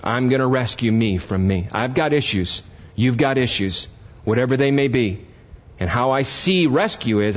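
Captured in a dull, lo-fi sermon recording, an older man preaches with an expressive, medium-pitched voice at a moderate pace. As pastor he addresses the congregation plainly and rises to passionate emphasis.

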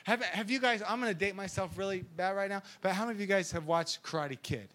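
A young adult man preaching as a youth pastor, telling stories in a lively, animated way. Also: sits high, fast. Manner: animated storytelling with sound effects and acted voices.

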